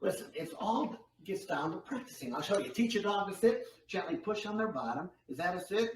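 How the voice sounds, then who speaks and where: A guest ventriloquist, male, performs a comedy act, telling stories in an upbeat, encouraging way. His voice is high-pitched and expressive, and he talks briskly with few pauses. The recording sounds echoey, with a distant mic and faint noise.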